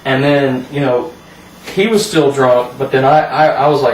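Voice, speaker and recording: A young man chatting with a friend in a halting way, often repeating words as he starts. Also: medium pitch, steady tone. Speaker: co-host. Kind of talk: casual chat. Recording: echoey room, mic far off, faint hiss.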